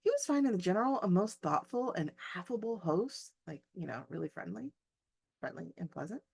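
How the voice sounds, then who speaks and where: A woman's voice: on the low side, lively intonation, moderate pace, gravelly, darkish tone. A woman English teacher reading a short story aloud and breaking off for chatty, joking asides to her class.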